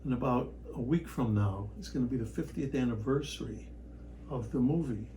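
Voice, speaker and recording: Animated male actor telling a story. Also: medium pitch, normal speed, slight background noise, rough recording. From Chicago area, United States. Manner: animated storyteller, bursts of loud excitement. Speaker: actor, podcast guest. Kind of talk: casual storytelling chat.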